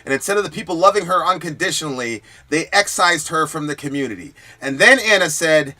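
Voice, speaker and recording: A man's voice: on the high side, animated, a little fast, few pauses, sharp tone. A man hosting a political commentary stream, talking in a heated, emphatic and profane way. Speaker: host.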